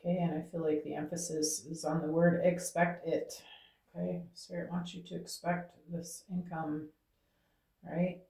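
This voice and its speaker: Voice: medium pitch, flat delivery, moderate pace, gravelly, dark tone. A tarot reader giving a channeled reading to viewers, talking aloud to Spirit and tagging phrases with "okay?". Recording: roomy echo.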